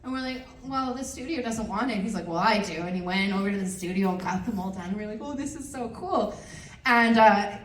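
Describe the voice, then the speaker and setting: Woman panelist, animated storyteller, quick to laugh and curse; recorded far off in a reverberant hall. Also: mid-range voice. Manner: lively, laughs often, swears freely. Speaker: film director on a convention panel. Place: convention panel room.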